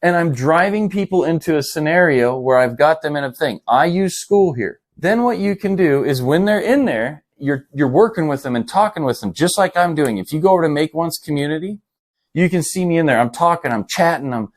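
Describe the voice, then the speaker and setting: A man's voice: fairly high pitch, lively intonation, brisk. A man giving a casual, punchy coaching presentation to viewers. He repeats points for emphasis, fires off rhetorical questions and uses slang and fillers. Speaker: online business coach.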